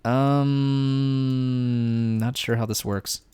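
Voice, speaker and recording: A man's voice: medium pitch, level tone, extremely slow, mellow, clean tone. A man streaming a game, giving casual, rambling commentary full of jokes and swearing. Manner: joking, profane, rambling.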